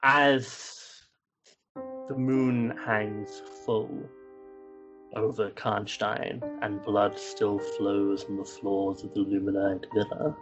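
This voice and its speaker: A man narrating as game master, hesitant with fillers in between, slow and measured when he sets a scene, on a lo-fi recording. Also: lowish voice, level tone, over music.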